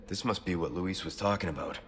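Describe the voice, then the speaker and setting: A man's voice: low-pitched, brisk, noisy background, close to an everyday voice. An actor playing a sardonic male government agent in a video game, speaking curtly and dryly. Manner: curt, dry. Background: game music.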